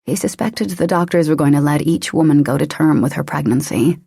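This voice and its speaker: 低くかすれた声の女性ナレーター. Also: female voice, low-pitched, fairly quick, gravelly, dark tone, husky, no room sound, studio quality. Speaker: audiobook narrator. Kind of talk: scripted narration.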